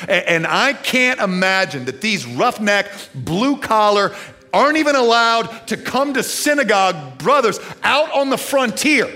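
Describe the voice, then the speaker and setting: A middle-aged pastor preaches a sermon with animation, shifting from hushed passages to near-shouting. His pitch is fairly high.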